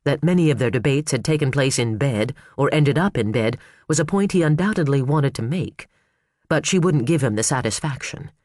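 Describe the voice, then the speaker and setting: A man narrating a suspense novel in a measured, expressive read. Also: mid-range voice, no echo. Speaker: audiobook narrator. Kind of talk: scripted narration.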